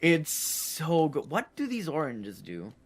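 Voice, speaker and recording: A let's play co-host talking casually over gameplay, with a lively, swooping pitch and frequent laughter. The talk is loose and animated, reacting to the game as it happens. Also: slow pace. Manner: animated, laughs often, talks while playing.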